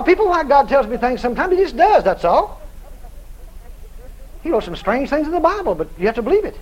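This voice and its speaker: A man's voice: very high voice, very animated, a little fast, long pauses, darkish tone, dull audio. A man preaching, telling a folksy story with chuckles. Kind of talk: storytelling sermon.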